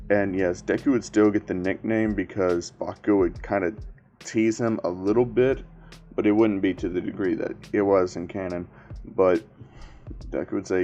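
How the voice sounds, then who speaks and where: A man's voice: lowish voice, steady tone, moderate pace, darkish tone, soft background music. A man casually narrating a story in a loose, rambling way.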